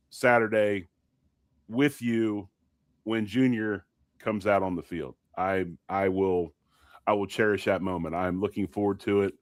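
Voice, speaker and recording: A man's voice: mid-range voice, fairly bright tone, clean tone, dry recording, studio quality. A man co-hosting a casual sports podcast, heartfelt and rambling, often repeating himself. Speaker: podcast co-host.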